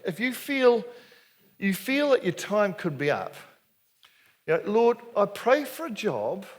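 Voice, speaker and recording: An older man with a New Zealand accent gives a chatty, jokey storytelling sermon to a men's gathering as an Anglican minister. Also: on the high side. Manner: lively, jokey, chatty, asks the crowd questions.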